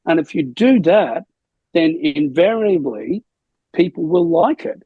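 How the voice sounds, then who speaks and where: An older man, a rock singer being interviewed, telling rambling anecdotes in a gravelly, husky voice. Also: on the high side, expressive, a little slow, dark tone, no room sound, muffled recording. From Australia. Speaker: lead singer, interview guest. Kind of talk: casual storytelling interview.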